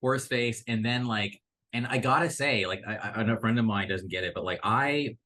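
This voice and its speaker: A man co-hosting a casual pop-culture podcast, rambling excitedly and swearing freely. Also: fairly low pitch, moderate pace, low-quality recording. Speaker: podcast co-host.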